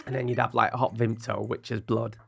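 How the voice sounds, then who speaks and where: A man in his thirties, co-hosting a podcast with a gravelly, creaky voice at a middle pitch. He tells stories in a chatty, slangy way and swears freely. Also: little pitch movement, a little fast. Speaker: podcast co-host. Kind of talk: casual podcast chat and storytelling.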